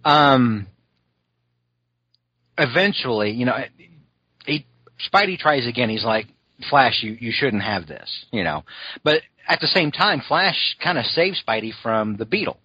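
Guy rambling on a podcast, husky scratchy voice, dry close sound, kinda lo-fi. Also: medium pitch, pushed and bright, dry recording. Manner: rambling, many fillers and restarts. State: scratchy throat, clearing it often. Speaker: podcast host reviewing a cartoon. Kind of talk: casual chat.

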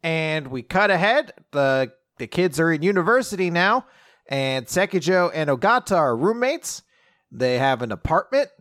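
Podcast host, male, fairly high voice, bubbly and giggly, retells plots with quick character impressions. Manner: animated, laughs often, acts out quoted lines. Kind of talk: casual chat recapping a manga chapter.

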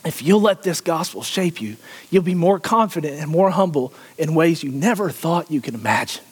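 High-voiced man preaching in a hall. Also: animated, moderate pace, husky. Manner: asks the congregation questions, laughs often. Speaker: pastor. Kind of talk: sermon.

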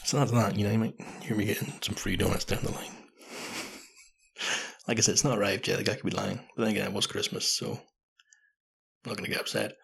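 A man's voice: on the low side, steady tone, fast, vocal fry, pauses often, a bit bright, slightly rough. A man in his thirties hosting a podcast, chatting through a story in a casual, self-mocking way and swearing freely. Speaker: podcast host.

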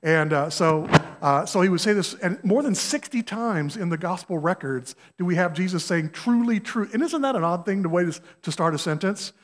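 Male guest preacher, slightly high voice, chatty and folksy, long hall echo. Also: animated, moderate pace, hardly any pauses. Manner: conversational, asks the congregation questions, folksy examples. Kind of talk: sermon. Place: church sanctuary.

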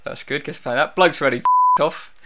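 A man's voice: on the high side, moderate pace, very noisy. A British man telling a long anecdote in casual chat, wry and exasperated, laughing as he goes. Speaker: podcast co-host telling an anecdote.

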